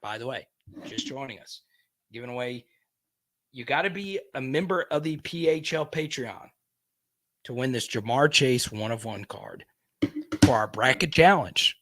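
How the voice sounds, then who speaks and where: A man's voice: medium pitch, expressive, moderate pace, pauses often, a bit bright, no room sound. Chatty male live stream host. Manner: chatty, reads and answers viewer comments. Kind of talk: casual live stream chat.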